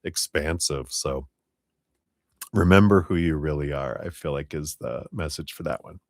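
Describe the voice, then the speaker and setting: A man with a low, deep voice reads tarot on a live stream, talking gently and taking his time over each card. His voice is close to the mic and sounds dry, with no room around it. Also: dry recording. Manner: gentle, unhurried spiritual guidance. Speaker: tarot reader.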